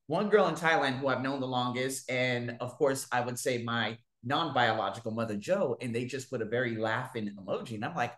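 A man telling stories to his viewers in a casual monologue, swearing freely and swinging widely in pitch and loudness. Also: a little fast, few pauses. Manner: profane, animated, big swings in pitch and loudness. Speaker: vlogger. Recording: echoey room.

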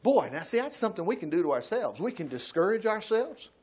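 A man teaching a Bible study sermon in a folksy way, acting out quotes with sudden loud outbursts. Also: sits high, very animated, brisk, slightly rough. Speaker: preacher.

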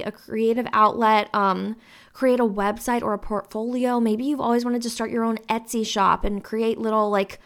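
A woman in her twenties hosting her own podcast, rambling in a casual, upbeat way with lots of fillers. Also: fairly high pitch. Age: 20s. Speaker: podcast host. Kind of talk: casual solo podcast talk.

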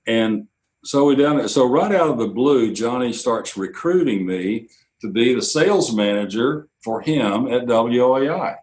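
An older man, a radio executive telling anecdotes in an interview, quoting others in lively bursts. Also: mid-range voice, measured pace, poor audio. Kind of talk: storytelling interview.

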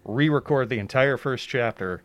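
A man chatting casually as a podcast guest about narrating an audiobook, blunt and quick to swear. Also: medium pitch, a bit bright, no echo. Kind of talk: casual chat.

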